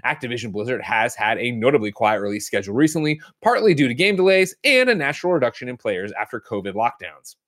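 A man's voice: mid-range voice, very animated, quick pace, hardly any pauses, a bit bright. A man hosting a podcast, chatting in a jokey, rambling way and reading the news aloud. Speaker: podcast host. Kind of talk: casual chat and ad read.

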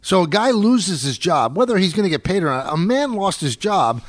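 A man's voice: sits high, big pitch swings, moderate pace, dry recording. An older man co-hosting sports talk radio, blunt and scolding with wry asides.

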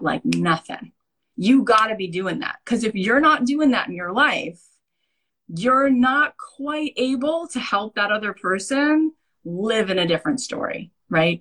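A woman's voice: medium pitch, fairly bright tone. A woman business coach in casual conversation, stressing her points emphatically and often checking in with "right?". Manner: emphatic, repeats points, tags lines with "right?".

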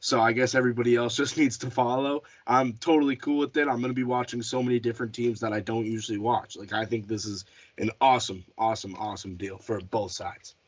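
A man's voice: medium pitch, flat delivery, fast. A man hosting a casual sports podcast, chatty, often restarting and correcting himself. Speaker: podcast host. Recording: dull lo-fi audio.

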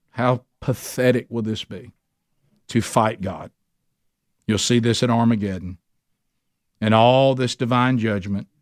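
A man's voice: mid-range voice, no room sound, studio quality. A man teaching a men's Bible study in an earnest, emphatic preaching style, with a Southern US accent. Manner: earnest, emphatic preaching with sudden rises for stress. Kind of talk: sermon.

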